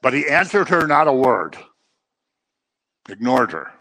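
A man preaching a sermon, swinging between loud emphasis and quiet asides. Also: medium pitch, big pitch swings, normal speed.

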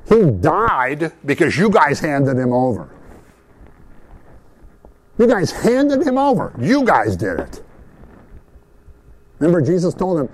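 Animated man preaching, lively pitch. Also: a little slow, long pauses, rough recording. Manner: animated, asks "right?", acts out quoted speakers. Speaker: Bible teacher. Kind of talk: conversational sermon to a group.

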